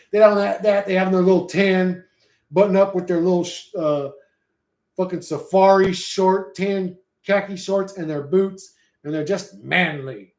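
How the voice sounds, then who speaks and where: A man's voice: high voice, a little mellow. A man streaming live, chatting loosely with his viewers in a rambling, profane, slangy way. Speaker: streamer reading and answering chat. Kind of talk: casual livestream chat. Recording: roomy echo.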